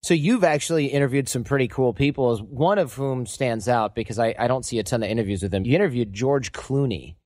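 A man hosting a casual interview podcast, with a mid-pitched voice. He speaks reflectively and pokes fun at himself. The sound is dry and close to the mic. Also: brisk, hardly any pauses, a little mellow, dry recording. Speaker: podcast host.

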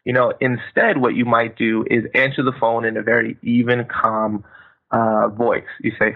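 Gravelly man on a tinny phone line. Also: mid-range voice, moderate pace. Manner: energetic, emphatic, acts out phone greetings. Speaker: guest speaker. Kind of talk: podcast interview, motivational advice.

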